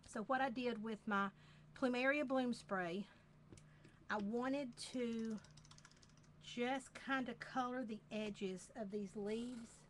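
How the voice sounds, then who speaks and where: A woman with a Southern accent demonstrating a craft project live, talking in an unhurried, chatty way and repeating phrases as she works. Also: on the high side, slight background noise.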